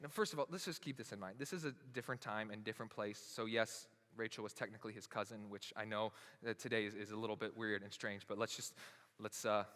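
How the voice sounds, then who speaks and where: A man's voice: fairly low pitch, fairly even intonation, quick pace, a bit bright, in a large hall. A man preaching a sermon as pastor, retelling a story casually and acting out its characters in everyday voices.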